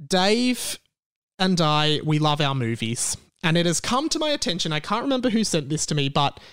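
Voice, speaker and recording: A man's voice: a little high, very animated, normal speed, a bit bright, smooth, dry recording. A young Australian man hosting a casual solo podcast from his bedroom, rambling and correcting himself often. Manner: rambling and self-correcting, with many fillers. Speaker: podcast host. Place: bedroom in a share house.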